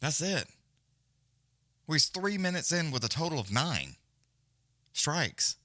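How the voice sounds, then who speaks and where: Guy, casual profane fight caller, very animated pitch, dry close mic. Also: slow pace, no room sound. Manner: profane, blunt, loose, Southern-leaning slang. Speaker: fight companion commentator. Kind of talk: casual live fight commentary.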